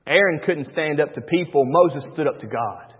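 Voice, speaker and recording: A man, a pastor preaching a sermon, swinging between loud and hushed. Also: on the high side, moderate pace, husky. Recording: dull recording with long church reverb.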